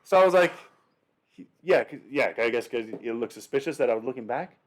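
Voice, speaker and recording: Young adult man, mid-pitched voice, podcast co-host, lively storytelling, frequent swearing. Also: fairly quick. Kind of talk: casual chat.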